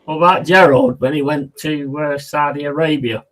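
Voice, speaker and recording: High-pitched and fairly bright, his voice holds a steady tone at normal speed. The man hosts a football watch-along, calling the action casually and keeping up laddish chat with viewers by reading their comments and responding.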